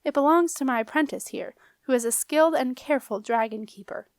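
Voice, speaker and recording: A woman voicing a stern, haughty woman wizard in a storybook reading, with a crisp, commanding manner. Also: high-pitched, a little fast, no echo, studio quality. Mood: cold haughty.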